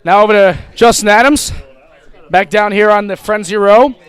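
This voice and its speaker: A man's voice: high-pitched, normal speed. A man hosting a live fantasy football draft, teasing the participants with playful banter on a wired mic. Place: large indoor hall with crowd. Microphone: wired handheld mic. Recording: echoey hall with loud crowd.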